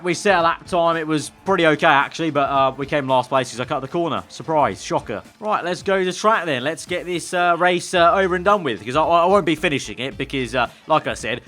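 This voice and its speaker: A chatty man commentating over his racing game, wry and quick with sarcastic jabs. His voice sits a touch above the usual male range, with faint music playing behind him. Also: on the high side, fairly bright tone. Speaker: gaming video creator.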